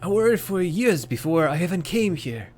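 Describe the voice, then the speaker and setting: A man's voice: high voice, big pitch swings, a little fast, creaky, a bit bright, pitched above the performer's own voice, heavily acted. A man voicing a friendly, burly male woodcutter in a game, in a hearty, jovial storybook manner with a wandering accent.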